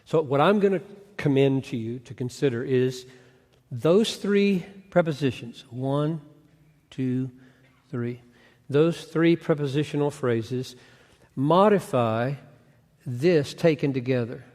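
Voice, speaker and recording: A man's voice: mid-range voice, takes it slowly, darkish tone. A man giving an earnest Bible teaching lecture, asking rhetorical questions and restarting phrases as he thinks aloud. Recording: long hall reverb.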